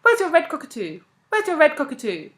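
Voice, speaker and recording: A woman reading the part of a whimsical, excitable male clerk who speaks abruptly and eagerly. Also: high voice, a little fast, pitched above the performer's own voice. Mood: insistent.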